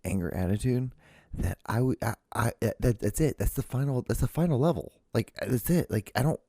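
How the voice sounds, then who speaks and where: A man's voice: medium pitch, brisk, dark tone, husky, no echo, studio quality. A man hosting his own podcast, talking in a rambling, profane solo monologue full of restarts. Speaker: podcast host.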